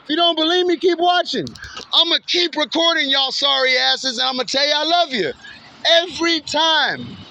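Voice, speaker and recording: A man's voice: very high voice, animated, normal speed, gravelly, sharp tone. A man filming outdoors by a road at night, taunting passing drivers in a mocking, swearing street monologue with frequent laughs. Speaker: vlogger filming passing cars. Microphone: handheld camera or phone. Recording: dull lo-fi phone audio with faint street noise.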